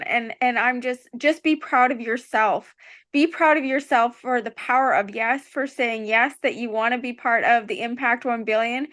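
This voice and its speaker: A woman's voice: on the high side, fairly bright tone. A woman giving a heartfelt, gushing speech of gratitude on a video call. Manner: gushing, effusive, grateful.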